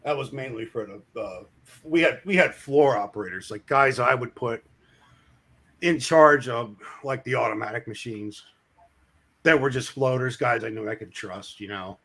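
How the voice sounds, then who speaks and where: A man telling a crude work story in casual chat, acting out the shouting of his coworkers. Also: mid-range voice, normal speed, vocal fry, breathy edge. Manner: animated, acts out shouting coworkers.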